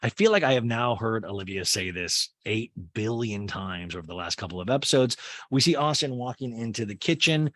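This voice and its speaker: A man's voice: on the low side, expressive, brisk, fairly bright tone, no echo, clean studio sound. A young man casually recapping a reality show, chatty and sarcastic, poking fun at the cast. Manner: chatty, sarcastic, mocks the cast with quoted asides.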